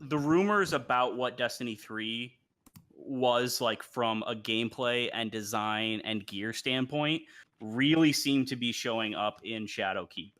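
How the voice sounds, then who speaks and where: A man's voice: medium pitch, unhurried, a bit bright. A man co-hosting a live gaming podcast, talking casually and hesitantly with lots of "like" and "um". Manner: hesitant, full of "like" and "um" fillers. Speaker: podcast co-host.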